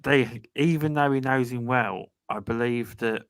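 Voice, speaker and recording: Relaxed podcast host man, dry sound. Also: mid-range voice, a little slow, smooth, no echo. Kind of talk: casual interview chat.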